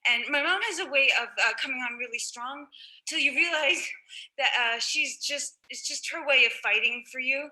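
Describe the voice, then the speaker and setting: Young woman storyteller, high bright voice, halting with lots of ums and restarts. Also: poor audio. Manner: halting, many fillers and restarts. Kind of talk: personal storytelling.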